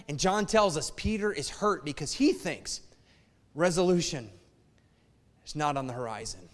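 High-voiced man preaching in an echoing hall. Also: expressive, normal speed, long pauses. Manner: emphatic, conversational, appeals to listeners. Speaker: pastor. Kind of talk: sermon. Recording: long reverb of a large hall.

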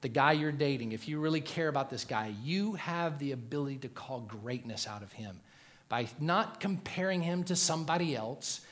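Joking preacher man, loud then hushed. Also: on the high side, normal speed. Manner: joking, animated preaching with big swings in loudness. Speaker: pastor. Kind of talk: sermon.

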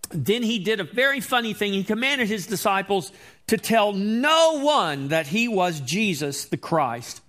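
A man with a somewhat high voice preaches a sermon as a pastor. He reads scripture aloud and explains it with emphasis, often putting rhetorical questions to his listeners. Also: very animated, unhurried, fairly bright tone.

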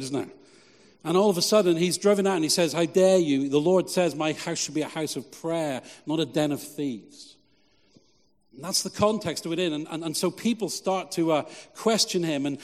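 A man preaching a sermon, reading scripture and then explaining it in an animated way, often asking the congregation questions. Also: on the high side. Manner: animated, restarts with repeated "and", asks the congregation questions. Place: church. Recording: long hall reverb.

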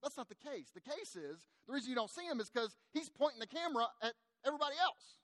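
A middle-aged male pastor delivers a sermon in an easy, conversational way, turning animated as he talks straight to his listeners. His voice sits noticeably high for a man. The sound is dry and close, with almost no room around it. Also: quick pace, dry recording. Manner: conversational, animated, addresses the congregation directly.

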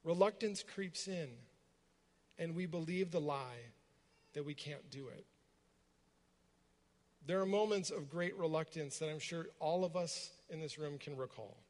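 Higher-voiced man preaching in a reverberant hall. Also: unhurried, pauses often, a little mellow. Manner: reflective storytelling, rhetorical questions. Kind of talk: sermon. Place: room with a gathered congregation.

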